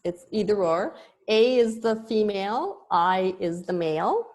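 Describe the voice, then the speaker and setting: A woman's voice: medium pitch, lively intonation, a little slow, a little mellow. A woman yoga teacher giving an online lesson, explaining terms patiently with small restarts.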